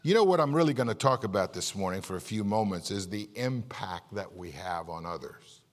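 Animated storytelling male pastor. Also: fairly low pitch, brisk, long reverb tail. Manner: storytelling, animated, repeats words. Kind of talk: sermon with jokes. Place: church.

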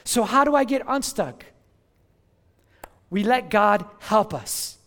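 A man's voice: sits high, expressive, takes it slowly, fairly bright tone. A middle-aged male pastor preaching an earnest sermon to a congregation, often repeating words and calling on listeners to answer back.

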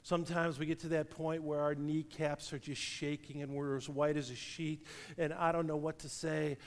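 A middle-aged man preaching a sermon, telling a lively story and laughing at his own tale. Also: a little high, moderate pace. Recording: long reverb of a large hall.

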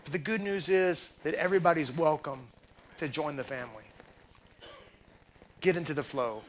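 A man's voice: fairly high pitch, normal speed, slight background noise. A man preaching a sermon as a rabbi, fervent and pleading, full of rhetorical questions. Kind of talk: sermon to a congregation.

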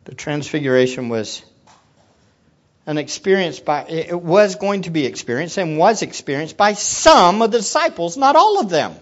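A preacher giving a sermon, swinging from hushed low teaching to loud excited exclamations and putting questions to the listeners. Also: normal speed, muffled recording. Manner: asks the audience questions.

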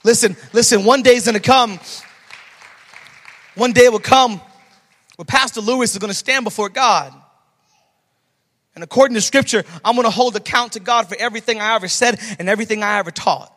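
High-voiced pastor preaching in a reverberant church. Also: male voice, brisk, pauses often, sharp tone, some chatter behind. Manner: emphatic preaching with repeated phrases. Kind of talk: sermon.

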